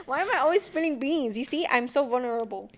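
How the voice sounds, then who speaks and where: Soft, hesitant young woman chatting. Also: high voice, sing-song, moderate pace. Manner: soft-spoken, hesitant, with many ums. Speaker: co-host. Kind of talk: casual chat.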